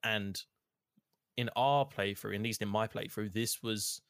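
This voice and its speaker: Low-voiced man, dry close sound. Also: measured pace, dry recording. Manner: relaxed, conversational, compares playthroughs. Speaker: podcast co-host discussing a game. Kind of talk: casual chat.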